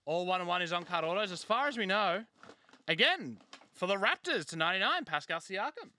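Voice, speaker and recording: A man hosting a live trading card break, excitably calling out each card and joking with a co-host. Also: sits high, brisk. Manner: excitable, banters and jokes while calling out pulled cards. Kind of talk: live case break commentary.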